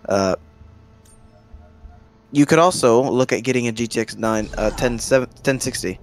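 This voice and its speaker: A man streaming a game, chatting casually and giving relaxed hardware advice, swearing now and then. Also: mid-range voice, normal speed, a little hiss or hum.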